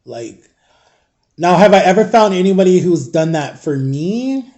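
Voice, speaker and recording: A man's voice: high voice, lively intonation, measured pace, warm tone. A young adult man vlogging, telling a rambling personal story in a casual way, full of "like" and "guys". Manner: chatty, rambling, frequent "like" and "guys".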